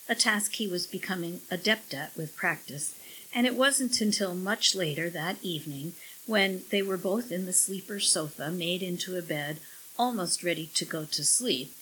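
A woman narrating an audiobook in a wry, measured storytelling manner. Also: fairly low pitch, bright, forceful tone, slight background noise, low-quality recording.

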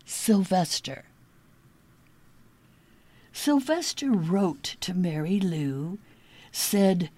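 A woman reads children's verse slowly and playfully, her breathy voice rising and falling through a lively range. She drops into whispers at times, and the sound is dry and close. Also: mid-range voice, no room sound. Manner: unhurried and playful, with dips into whispers. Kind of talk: reading children's verse aloud.

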